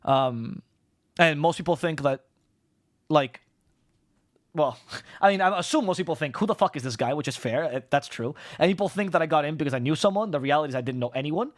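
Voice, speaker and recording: Fast-talking man caster. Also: a little high, lively intonation, no room sound, clean studio sound. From Spain. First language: Spanish. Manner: fast, rambling, profane, restarts words. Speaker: esports caster and streamer. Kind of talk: casual live-stream chat.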